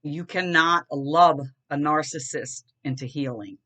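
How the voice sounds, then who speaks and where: A woman's voice: sits low, a little slow, fairly bright tone. A middle-aged woman, talking earnestly and rambling a bit in a casual solo monologue to her viewers. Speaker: vlogger.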